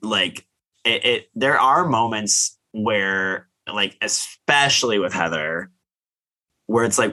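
Animated man recapping reality TV. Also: takes it slowly. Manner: animated, acts out quotes in high mocking voices. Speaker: podcast co-host. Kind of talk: casual reality-TV recap chat.

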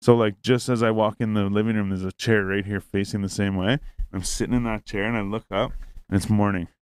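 A young man tells a rambling story with plenty of swearing. His voice sits low and comes across smooth and resonant. The sound is dry and close. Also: fairly even intonation, fairly quick, dry recording. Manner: rambling, profane, acts out quoted lines. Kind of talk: casual storytelling.

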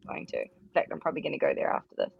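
A woman's voice: very fast, no room sound, phone-quality sound. A woman with a New Zealand accent, a musician guest chatting casually and rambling with lots of fillers. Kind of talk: casual interview chat.

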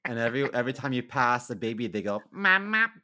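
A man co-hosting a podcast, chatting casually and throwing in quick crude one-liners. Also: medium pitch, fairly even intonation, fairly bright tone. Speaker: podcast co-host.

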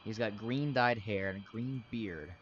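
A man's voice: fairly low pitch, a little slow, a bit bright, slight background noise. A young man narrating a tabletop game as game master, rambling with lots of fillers. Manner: rambling, filler-heavy, laughs easily. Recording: dull lo-fi recording.

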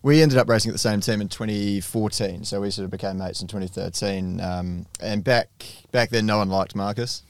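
A man co-hosts a casual podcast, firing off jokes and teasing questions at his guests. He has a lowish voice, recorded close and dry with no room echo. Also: fairly quick, hardly any pauses. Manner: joking, teasing banter. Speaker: podcast co-host. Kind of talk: casual chat.

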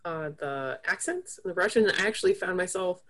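A woman's voice: fairly low pitch, animated, a little fast, a bit bright. A woman co-hosting a casual film podcast, agreeable and searching for her words.

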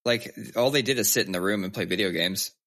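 Man in his thirties, casual chat, bright lowish voice, candid, swears freely. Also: fast. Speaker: podcast co-host.

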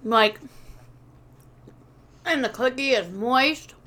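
High bright-voiced woman, rambling and crude. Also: extremely slow. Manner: crude, rambling storyteller, swears a lot. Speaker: podcast co-host. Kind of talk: casual chat.

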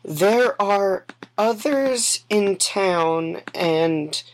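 A woman's voice: mid-range voice, animated, drawn-out words, voice pushed up. A woman voicing a sly young female creature with pointed teeth, speaking in an eager, conspiratorial way for a tabletop game.

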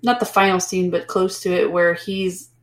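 A woman's voice: fairly low pitch, fairly even intonation, moderate pace. Chatty woman in an echoey room. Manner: chatty, peppered with "like", acts out characters. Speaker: podcast co-host. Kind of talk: casual book-club chat.

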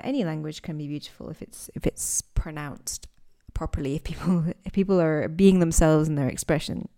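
A woman's voice: lowish voice, mellow. A woman English teacher giving an unscripted podcast lesson, talking thoughtfully, searching for words and restarting often.

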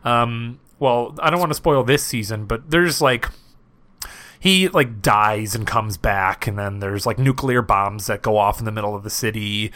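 Bright-voiced man chatting on a podcast. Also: fairly low pitch, unhurried. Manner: laughs often, rambling with fillers. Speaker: podcast co-host. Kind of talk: casual chat.

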